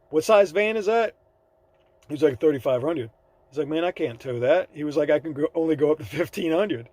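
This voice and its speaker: A man's voice: medium pitch, darkish tone, no echo. A man vlogging in a casual, rambling storytelling way, acting out the people in his story, with plenty of fillers. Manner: rambling, laid-back storytelling with fillers and quoted dialogue. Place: by his van on the side of the road.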